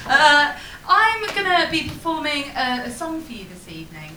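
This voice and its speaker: A woman's voice: high-pitched, huge pitch swings, moderate pace. A woman doing chatty stand-up patter on stage, with dry asides. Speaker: comedian and singer. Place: comedy stage with a live audience. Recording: echoey live room with faint noise.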